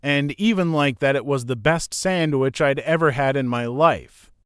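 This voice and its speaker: A man reading a novel aloud as audiobook narrator, in a plain, steady first-person storytelling manner. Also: mid-range voice, moderate pace, clear, resonant tone, no room sound, clean studio sound.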